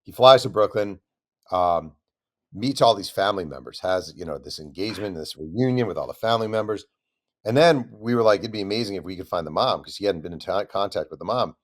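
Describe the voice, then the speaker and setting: A man, an author guest on an interview show, telling a long story with lively acted-out quotes. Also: sits low, a little fast. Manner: animated storyteller, acts out quoted voices.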